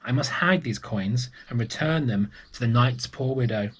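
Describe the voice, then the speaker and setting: A man voicing a brave, sensible young girl in a children's storybook reading, speaking quietly. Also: mid-range voice, moderate pace, husky, close to an everyday voice.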